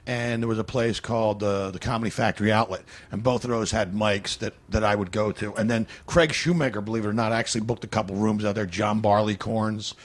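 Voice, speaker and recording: A man's voice: lowish voice, steady tone, fairly quick, few pauses. A male comedian guest in casual podcast chat, telling long meandering stories. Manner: rambling, meandering storyteller.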